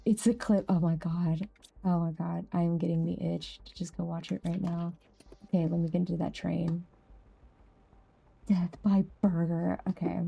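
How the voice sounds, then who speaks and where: A young woman streaming a game, chatting casually with viewers, laughing easily and jumping up high when something amuses her. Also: flat delivery, moderate pace, vocal fry, dark tone, husky, muffled recording, faint music behind. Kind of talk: casual live-stream chat.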